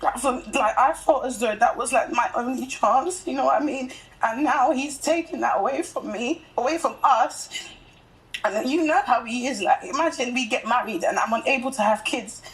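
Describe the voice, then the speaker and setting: A woman's voice: a little high, moderate pace, fairly bright tone, poor audio. A woman on a reality show talking earnestly and worriedly about her situation.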